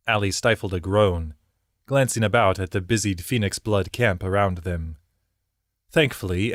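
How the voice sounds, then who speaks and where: A man narrating a fantasy novel at a measured, steady pace. His voice sits on the low side. The recording is dry and close with no room sound. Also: dry recording. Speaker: audiobook narrator. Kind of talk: scripted narration.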